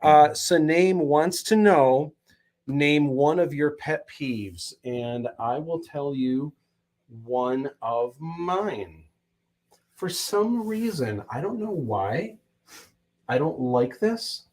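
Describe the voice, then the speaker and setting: A man's voice: on the high side, lively intonation, slow, darkish tone. A man hosting a livestream, chatting casually in a rambling, self-mocking way. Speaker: host.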